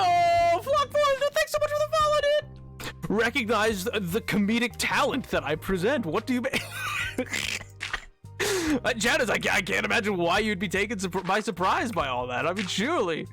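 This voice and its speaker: A man's voice: high voice, expressive, normal speed, music in the background. A man streaming a game, chatting casually with his viewers while laughing a lot and stammering over his words. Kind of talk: casual game livestream chat.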